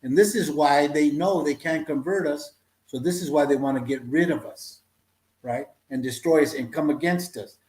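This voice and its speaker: A man's voice: fairly high pitch, moderate pace, darkish tone. A man on a talk-show panel, speaking in an earnest, preaching way. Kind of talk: casual talk-show discussion. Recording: roomy echo.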